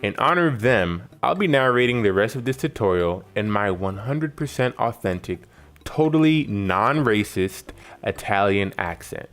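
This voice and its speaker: A man's voice: on the low side, lively intonation, normal speed, a bit bright, faint music behind. A man from New York narrating a cooking tutorial with wry, joking asides. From New York, United States. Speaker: cooking channel host.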